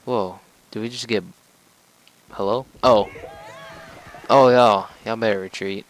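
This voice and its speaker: A man's voice: fairly low pitch, steady tone, moderate pace, slight background noise, low-quality recording. A man giving casual gameplay commentary as a let's play gamer, joking, rambling and talking to the game as he plays.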